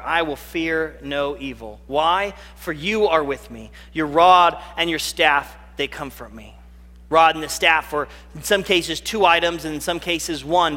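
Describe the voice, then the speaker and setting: A male pastor with a high, bright, forceful voice delivers an earnest sermon. He drags out the lines he wants to land. His voice rings out with a long reverb, as in a large hall. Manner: earnest, slows right down on key phrases.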